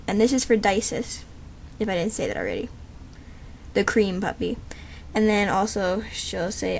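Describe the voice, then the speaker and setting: A woman's voice: medium pitch, lively intonation, moderate pace, gravelly, a little hiss or hum. A woman with a thin, slight voice, chatting casually and rambling as she explains a voice casting call. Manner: rambling and chatty, with many fillers and asides. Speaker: creator announcing a voice casting call.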